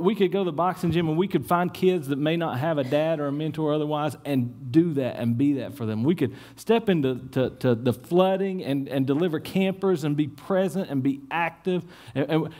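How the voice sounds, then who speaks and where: A man preaching a sermon in church, telling stories with lively swings and dropping to a hushed tone for prayer. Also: a little high, brisk, hardly any pauses. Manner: animated storytelling, repeats words, drops to a hushed tone in prayer. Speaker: pastor.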